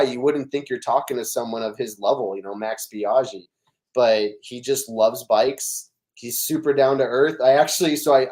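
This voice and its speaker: Telling stories as a guest on a podcast, this middle-aged man chats casually and with animation. He speaks at a medium pitch, frequently restarting and filling gaps with filler words.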